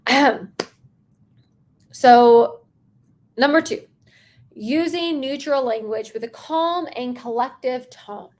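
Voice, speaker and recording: A young woman coaching on sales during a live stream, talking fast and chatty with lots of fillers. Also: high-pitched, a little mellow.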